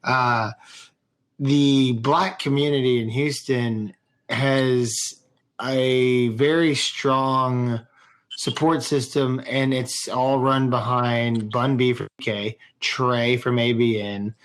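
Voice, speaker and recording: A man's voice: mid-range voice, steady tone, slow pace. A man hosting a podcast in casual chat, talking loosely, swearing and restarting often. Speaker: podcast host.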